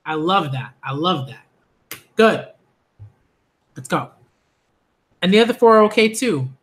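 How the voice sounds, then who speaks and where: Excitable high-voiced man reacting to manga. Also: unhurried. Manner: excitable, repeats phrases, laughs often. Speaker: manga reviewer. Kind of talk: live reading reaction commentary.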